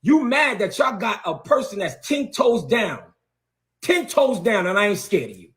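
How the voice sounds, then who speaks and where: A man with a high, restless voice that swings up and down as he launches into a heated rant. He speaks as a bishop and is confrontational throughout. He hammers points home by repeating words over and over. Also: very animated, moderate pace, a bit bright.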